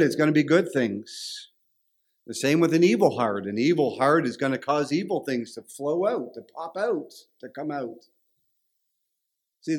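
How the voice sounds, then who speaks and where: A man preaching a sermon, emphatic and repeating phrases for stress. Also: mid-range voice.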